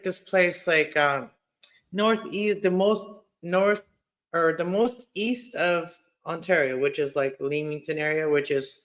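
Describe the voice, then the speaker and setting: A man's voice: high voice, a bit bright. A man who grew up in a Mennonite community in Mexico, chatting casually as a YouTuber and tripping over many "like" fillers. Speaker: YouTuber, co-host of live chat. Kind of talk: casual chat.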